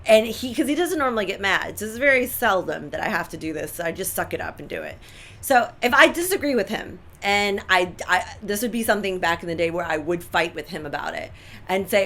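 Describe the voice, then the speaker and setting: A woman's voice: mid-range voice, brisk. A woman co-hosting a health and lifestyle show, talking in a casual, emphatic way and repeating her points. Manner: animated, emphatic, repeats herself. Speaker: co-host. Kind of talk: casual chat.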